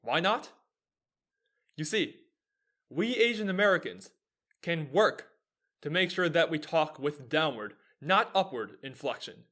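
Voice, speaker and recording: An earnest young man in his twenties delivers a scripted explainer as the host of his own show. His voice sits a little on the high side, and he sets up rhetorical questions only to answer them himself. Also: animated, unhurried, a bit bright.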